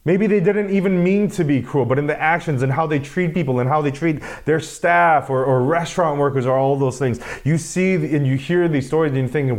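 A man's voice: fairly high pitch, a little fast, hardly any pauses. A man preaching a sermon in a conversational, self-deprecating way, often restarting his sentences. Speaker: pastor.

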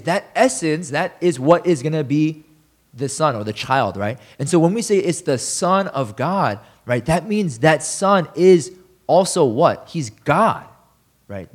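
Man, pastor, sermon, conversational, asks listeners questions. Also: a little high.

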